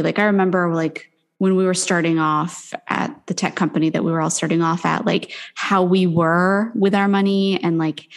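A young woman talking casually as a podcast co-host. Her voice is a little low, and she comes across as candid and playful, swearing freely as she vents. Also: creaky. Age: young adult. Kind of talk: casual chat.

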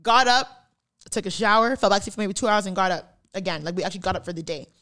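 Speaking quickly at a medium pitch, this young podcast co-host has a somewhat bright tone. She tells a story in a casual chat, laughing plenty and performing the voices of its characters.

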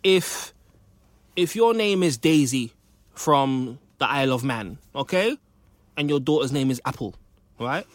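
A man's voice: medium pitch, expressive, a little slow, dry recording. A British man in a casual discussion, making his points through stories and examples, his voice a little cracked. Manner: thoughtful, builds points with examples.

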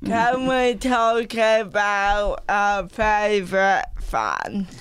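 Very slow-speaking woman podcast co-host. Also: medium pitch, a bit bright, clear, resonant tone. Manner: slow, deliberate speech. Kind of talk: casual comedic chat.

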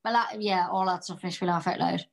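A woman's voice: on the low side, steady tone, a little fast, vocal fry, rough recording. An Irish woman, an actress being interviewed, talking about comedy in an exuberant, chatty way and telling a long joke. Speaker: guest actress. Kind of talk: casual interview chat.

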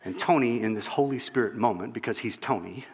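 A man preaching a sermon, telling a story and acting out its voices, dropping to a hush at the end. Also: medium pitch, fairly quick, slightly rough, in a large hall.

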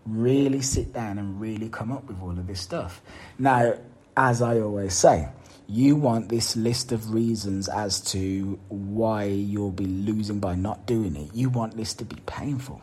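A motivational podcast host speaks straight to the listener in a lowish, unhurried voice that's a little mellow with a breathy edge. He repeats words for emphasis.

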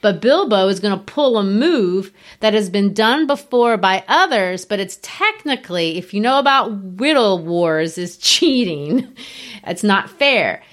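A woman hosting a casual literary talk, explaining background in an animated, teacherly way. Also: medium pitch, a little slow.

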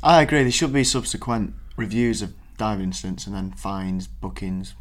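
A man's voice: lowish voice, normal speed. A man talking football on a casual podcast, blunt and swearing freely.

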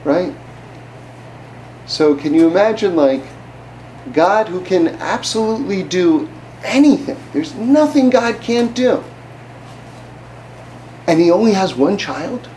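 Guy w a high voice teaching torah casually, lots of rhetorical questions, faint hiss behind. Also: animated, takes it slowly, long pauses, dark tone, poor audio. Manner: conversational, asks the listener rhetorical questions. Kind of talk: informal religious class.

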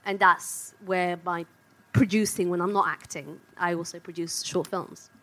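A woman in her forties from England tells her story on a discussion panel. She is animated and quick to laugh, and she breaks off and restarts her sentences often. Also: on the low side. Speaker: actor and producer.

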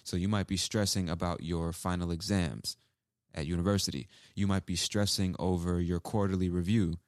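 A man's voice: deep voice, fairly even intonation, normal speed, no echo, studio quality. A man who hosts an English-learning podcast, explaining phrases casually and repeating examples. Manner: casual, repeats examples, acts out sample lines. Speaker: English teacher, podcast host.

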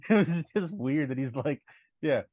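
A man's voice: medium pitch, normal speed, dry recording. A young man co-hosting a podcast in casual chat, with dry, blunt, critical asides. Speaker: podcast co-host.

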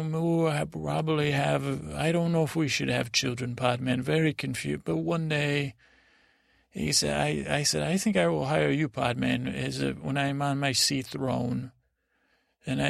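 A man voicing a naive, dreamy young prince in a sleep story, rambling and halting with many restarts as he retells conversations. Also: mid-range voice, creaky, fairly bright tone, dry recording, clean studio sound, exaggerated voice. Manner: halting and rambling, full of restarts and retold dialogue. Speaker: podcast host.

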